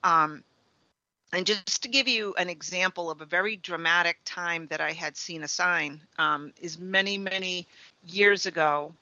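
A middle-aged woman, a trance medium, telling stories in a relaxed interview and often tagging her sentences with "right?" and "you know". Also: on the low side, measured pace, no room sound, highs cut off. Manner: chatty, leans on "right?" and "you know" tags. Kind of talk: conversational interview storytelling.

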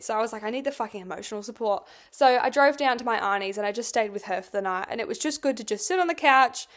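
A young woman hosting a podcast, telling a personal story in a casual, rambling way, swearing often and filling with "like". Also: on the high side. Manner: chatty, swears a lot, fills with "like". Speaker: podcast host.

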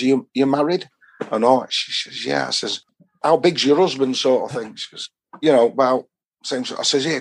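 A man's voice: medium pitch, husky. A middle-aged man with a Yorkshire accent, rambling through travel anecdotes in a casual podcast chat. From Doncaster, England. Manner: rambling anecdotes with dialect phrasing. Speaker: podcast guest.

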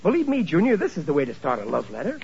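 A blustering, ungrammatical working-class father, his voice high and swinging all over the place. He sounds flustered, and the recording is a muffled old 1940s radio broadcast. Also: wildly swooping pitch, rapid-fire, vocal fry, darkish tone, slight background noise, exaggerated voice. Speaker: sitcom lead. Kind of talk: 1940s radio sitcom acting.

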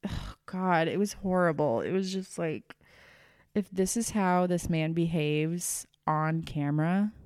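Woman chatting about reality tv, slow and lowish, gossipy and fed up. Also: dark tone, clean tone, no echo, studio quality. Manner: gossipy, exasperated storytelling with laughs. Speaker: reality TV recap host. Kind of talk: casual chat.

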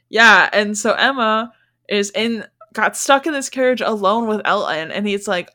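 Woman podcast co-host, bright tone, lively casual book chat. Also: mid-range voice. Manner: animated, acts out characters in quick voices.

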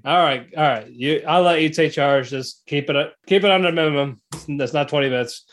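A man's voice: fairly high pitch, a little fast, a bit bright, slight background noise. A man co-hosting a podcast in casual chat, easygoing and steering the conversation along. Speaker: podcast co-host.

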